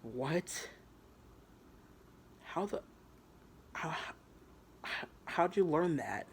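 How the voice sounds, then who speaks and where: A man voicing a jealous, wounded villainous woman in a retold story, speaking a bit more quietly than in his narration. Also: a little high, very animated, very slow, a little hiss or hum, pitched above the performer's own voice, full character voice. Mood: startled.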